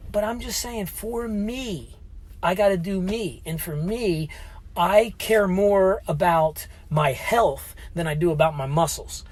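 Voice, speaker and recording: A man in his forties, a health vlogger, telling a story in a rambling, casual way with many restarts. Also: high-pitched. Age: 40s. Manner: rambling, retells conversations with frequent restarts. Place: at or near a gym.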